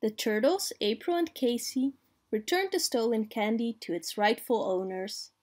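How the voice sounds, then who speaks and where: A woman reading a children's picture book aloud in a slow, clear, expressive way. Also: a little high. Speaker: storyteller.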